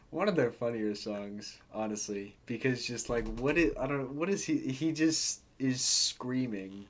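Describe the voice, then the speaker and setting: A man's voice: medium pitch, a little slow. A man giving a casual, hesitant and rambling review of a song, laughing between thoughts. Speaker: album reviewer.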